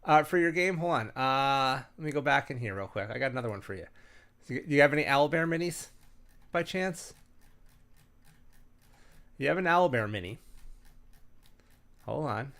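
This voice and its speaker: Male host with a middle-pitched voice, casual and rambling, full of fillers and restarts, livens up when he tells stories over a computer mic. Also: moderate pace, long pauses. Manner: animated storyteller. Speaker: host sharing game-master tips. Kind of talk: casual chat.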